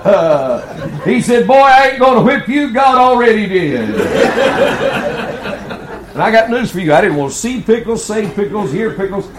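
Animated, lively-voiced male preacher. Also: sits high, reverberant, background noise. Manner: folksy, animated, laughs through his stories. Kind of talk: sermon with humorous personal storytelling. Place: large church sanctuary.

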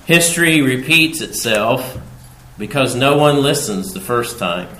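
A man preaching an expository sermon, taking his time over each phrase. His voice climbs in pitch and volume when he quotes scripture. The sound carries the echo of a large sanctuary over a faint background hum. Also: lively intonation. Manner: measured preaching, rising loud emphasis on scripture quotes. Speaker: pastor. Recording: roomy hall sound with faint background noise.

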